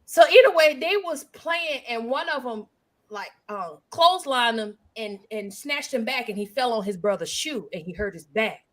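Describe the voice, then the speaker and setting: A woman hosting a podcast, chatting casually and telling animated stories with quick asides. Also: fairly high pitch. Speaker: podcast host. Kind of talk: casual chat.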